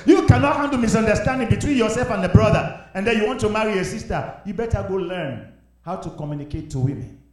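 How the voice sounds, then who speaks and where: A young adult male pastor preaching a sermon, swinging between shouted exhortation and quiet confiding. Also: high voice, lively intonation, brisk. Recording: echoey hall, voice from far off.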